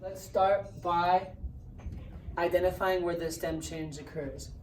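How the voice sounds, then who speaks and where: A woman's voice: on the low side, fairly even intonation, slow, darkish tone. A woman teaching a Spanish grammar lesson, explaining step by step and often checking in with "right?". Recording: roomy echo, distant mic, faint hiss.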